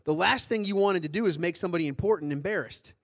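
Conversational pastor preaching, fairly high voice. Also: male voice, quick pace. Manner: conversational, asks the congregation questions. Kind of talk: sermon.

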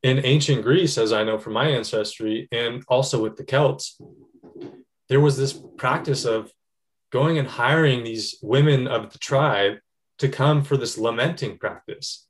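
An earnest man in a relaxed conversation, speaking at an ordinary mid pitch. He talks reflectively and strings his thoughts together in long, flowing lists. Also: unhurried. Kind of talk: casual conversation.

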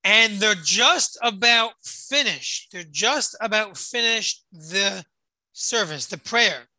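A very bright, crisp voice heard dry and close on a call. The speaker leads a Torah study group and tells a story in a rambling, casual way, repeating phrases and glossing Hebrew words as they go. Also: medium pitch, animated, slow, no room sound, low-quality recording. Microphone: call or online meeting.

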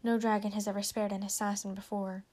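A woman's voice: medium pitch, little pitch movement, fast talker, darkish tone, close to an everyday voice. A woman voicing a grateful, formal male dragon assassin in a storybook reading. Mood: earnest.

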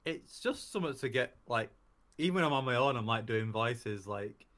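A man's voice: medium pitch, animated, moderate pace, fairly bright tone. A young man co-hosting a podcast, chatting playfully and breaking into silly voices. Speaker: podcast co-host. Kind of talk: casual chat.

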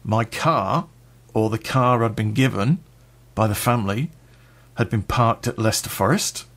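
Man, low pitch, gravelly, blunt and sweary, personal storytelling. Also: a little slow, fairly bright tone. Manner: blunt and sweary, laughs between lines.

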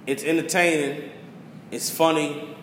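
A man's voice: on the high side, measured pace, echoey room, in a large hall, slight background noise. A man hosting a casual talk show, animatedly retelling a movie and acting out its lines. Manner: animated storytelling, acts out quotes. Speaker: podcast host. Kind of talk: casual chat, movie rundown.

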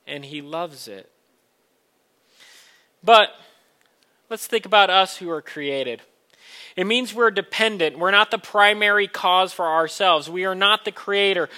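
Bright, high-voiced male preacher. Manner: earnest, building to emphatic questions. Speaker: pastor. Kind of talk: sermon.

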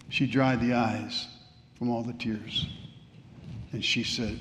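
A man preaching a sermon, telling a story dramatically and swinging between hushed and fervent delivery. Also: medium pitch, fairly even intonation, a little slow, pauses often, a little hiss or hum. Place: church sanctuary. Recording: long reverb of a large church.

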